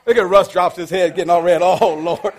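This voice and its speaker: A man's voice: high voice, fairly even intonation, brisk. A middle-aged pastor preaching a sermon, with playful call-and-response to his congregation.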